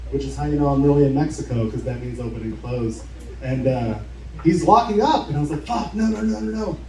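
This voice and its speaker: The speaker is a man with a fairly high, warm voice, telling a casual, profane story live at a bar and taking on the voices of its characters. The recording has a little hiss or hum, an echoey room, and a distant mic, with the audience cheering and laughing.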